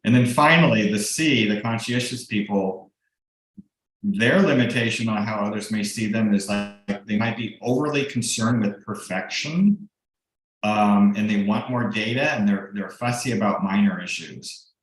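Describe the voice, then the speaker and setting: A man's voice: on the low side, normal speed. A middle-aged man, a real estate broker and coach, giving a casual, explanatory team training with frequent ums and restarts over a video call. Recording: very echoey room.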